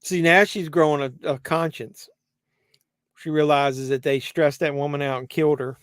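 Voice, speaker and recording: Brief: male streamer, slightly high voice, casual rambling commentary, dry close sound. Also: fairly even intonation, moderate pace, clean tone, dry recording. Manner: rambling, conversational, many fillers and restarts. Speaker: host. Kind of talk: casual live watch-along commentary.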